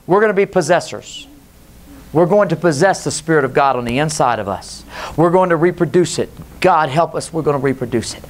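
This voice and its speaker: Preacher man, loud and low by turns. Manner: preachy, swings between loud and low, mocks voices. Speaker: pastor. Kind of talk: Pentecostal sermon. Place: church sanctuary.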